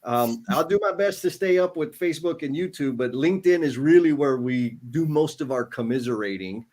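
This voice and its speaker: A man with a fairly high voice chats casually as co-host of a livestream. He reads viewer comments aloud and turns emotional, close to tears. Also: animated, moderate pace, a little mellow.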